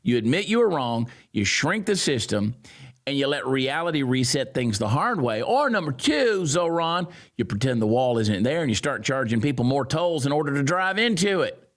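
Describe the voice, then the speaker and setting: A man giving sarcastic, mocking political commentary, swinging from loud jeers down to low grumbles. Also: very animated, moderate pace. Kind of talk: ranting commentary.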